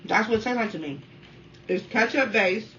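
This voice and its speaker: Eating on camera, a chatty woman in her 30s from the D.C. area gives a casual food review for her mukbang vlog, constantly addressing viewers as "y'all." Her voice is bright and mid-range at normal speed, sounding dull and a bit distant amid faint room noise.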